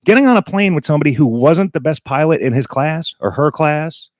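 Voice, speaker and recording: A man's voice: on the high side, lively intonation, fairly quick, no room sound, studio quality. A man hosting a live internet radio stream, rambling in a casual, indignant way and often repeating himself. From Boston area.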